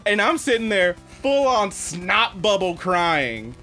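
A man co-hosting a podcast, telling a story in casual chat, animated and swearing freely. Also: high voice, takes it slowly, soft background music. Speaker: podcast co-host.

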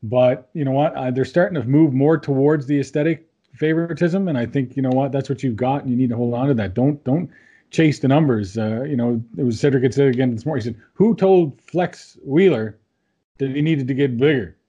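A man interviewing a bodybuilder in casual chat, halting and repeating words with frequent "you know what". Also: mid-range voice, warm tone, breathy edge, dull audio.

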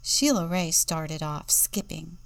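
Woman deacon reading a kids book, slow, low, a bit of vocal fry, drops to whispers. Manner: slow, expressive storytelling with whispered asides. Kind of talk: reading a picture book aloud, then reflection.

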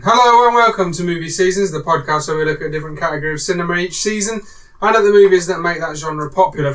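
A man hosting a film podcast and chatting casually with friends. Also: fairly high pitch. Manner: upbeat announcer-style intro, then relaxed banter. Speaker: podcast host.

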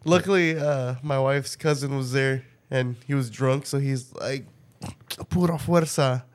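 A man hosting a podcast, telling a story in a loose, profane, animated way and often breaking into laughter. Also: mid-range voice, unhurried. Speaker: podcast host. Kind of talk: casual storytelling chat.

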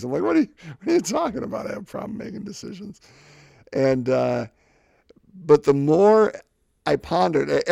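In a creaky, slightly mellow mid-range voice, a man in his fifties reflects on his faith podcast. The clean studio recording has no echo, and he rambles, often repeating words while he works out what to say.

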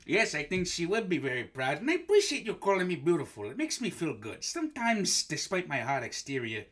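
A man's voice: fairly high pitch, very animated, a little fast, hardly any pauses, bright, forceful tone. A man hosting a comedy podcast, talking in a crude, rambling way full of swearing and fillers. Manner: profane, rambling, with many fillers and "okay?". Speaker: podcast host.

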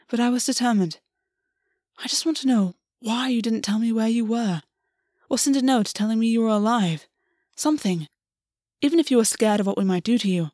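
A woman's voice: on the high side, a little mellow, no room sound, clean studio sound, lightly acted. A woman voicing a commanding, possessive male fae lord who speaks in a stern, insistent way. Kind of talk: audiobook reading.

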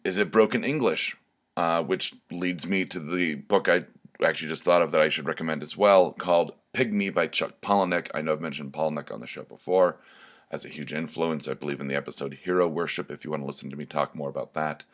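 A podcast host talks casually on his own solo show, rambling and saying "um" a lot as he thinks out loud. His voice rumbles low and moves fairly quickly.

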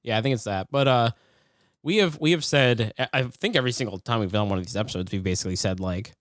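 Chill podcast dude who laughs a lot, dry close mic. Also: male voice, medium pitch, quick pace, dry recording. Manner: laid-back, laughs often. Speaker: podcast co-host. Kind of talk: casual chat.

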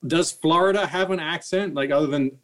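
A man's voice: a little high, brisk, a bit bright. A married man in casual chat, easygoing and asking curious questions.

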